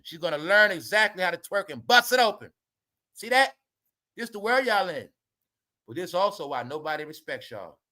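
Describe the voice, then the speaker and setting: Man ranting at his viewers, preachy and blunt, swears a lot, bright sharp tone, kinda high. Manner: swears freely and repeats himself. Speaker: commentary vlogger. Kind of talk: ranting commentary monologue.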